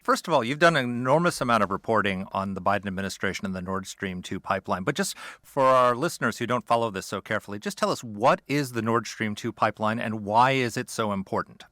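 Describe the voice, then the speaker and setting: A man's voice: on the low side, quick pace, few pauses, sharp tone, dry recording, clean studio sound. A man co-hosting a political podcast, teasing and combative in debate. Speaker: podcast co-host.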